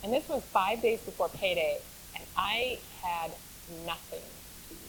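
A woman tells her own faith testimony in a loose, conversational storyteller's voice. Her pitch sits in a middle range, neither high nor low. She laughs often and repeats words to drive a point home. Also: a little fast, fairly bright tone, a little hiss or hum, low-quality recording. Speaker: speaker sharing her testimony.

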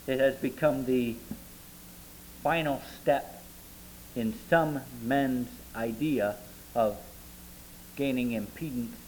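A man with a notably high voice preaches a sermon, working slowly through scripture verse by verse. He lingers on the words he wants to land, with a faint hum behind him. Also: low-quality recording. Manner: measured Bible exposition, slowing to stress key words. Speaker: pastor.

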